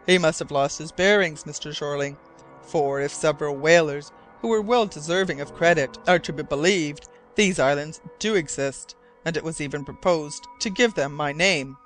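A vain former corporal now governing an island, chatty and eager to show what he knows, read by a man. The voice sits a little high, with soft music faint beneath. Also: normal speed, lightly acted. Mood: boastful. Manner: chatty, boastful, eager to reminisce.

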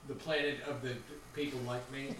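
A man's voice: medium pitch, little pitch movement, normal speed, fairly bright tone, far from the mic, slight background noise, lightly acted. A man voicing a chatty, offbeat alien who rambles off on jokey tangents. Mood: rambling. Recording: very echoey room, voice off-mic.

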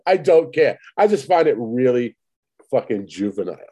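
A man's voice: mid-range voice, big pitch swings, normal speed, mellow, slightly rough. A man in casual chat, blunt and profane, speaking matter-of-factly. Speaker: podcast co-host.

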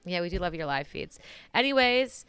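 Lively, crude young woman co-host. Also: lowish voice, moderate pace, smooth, no room sound. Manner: laughing, crude, teasing. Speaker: podcast co-host. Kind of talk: casual chat.

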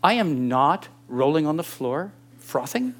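A man in his sixties preaches with a slightly high voice that leaps around in pitch. He speaks emphatically and presses his listeners with rhetorical questions. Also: sing-song, unhurried, background noise. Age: 60s. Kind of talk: sermon.

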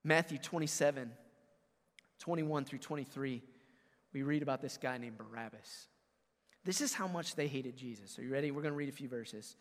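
A man pastor preaching a sermon to his congregation, swinging from booming, emphatic lines to hushed ones and speaking straight to the listeners. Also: normal speed, big-room sound. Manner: talks directly to the congregation.

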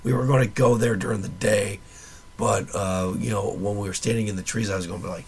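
Male podcast host with a low, worn-out voice, nearly gone; rambling, wry, casually profane. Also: steady tone, brisk, gravelly, a little mellow, breathy edge.

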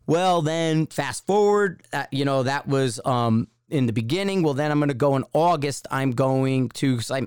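A podcast host tells a long personal anecdote in a casual, rambling way, acting out the voices of the people involved. His mid-range voice is clear and resonant, recorded with studio quality and no echo.

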